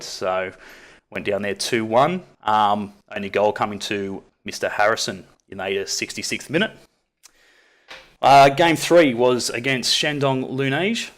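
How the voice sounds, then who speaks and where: Chatty Australian podcast host. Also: male voice, on the low side, fairly bright tone. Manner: chatty, laughs often, many fillers. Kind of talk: casual football podcast chat.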